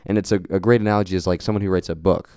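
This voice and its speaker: Deep-voiced young man, earnest podcast co-host. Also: steady tone, racing, darkish tone, smooth, no room sound, clean studio sound. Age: young adult. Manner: earnest, rambling, motivational. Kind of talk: casual chat.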